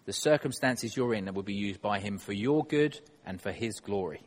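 A man's voice: on the low side, normal speed, long reverb tail. A man preaching a sermon in church, conversational and self-deprecating, putting questions to the congregation.

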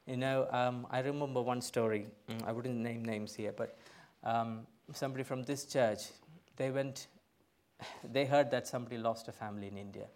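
A middle-aged man, a pastor, preaching a sermon in a church, emphatic, swinging from loud bursts to quiet asides. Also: mid-range voice, fairly even intonation, normal speed. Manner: emphatic, rising to loud bursts then dropping soft.

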